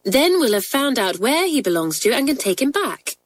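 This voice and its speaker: Brief: woman voicing a high, pleading soft-hearted schoolgirl in a storybook, dry read. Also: sing-song, moderate pace, dry recording. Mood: eager.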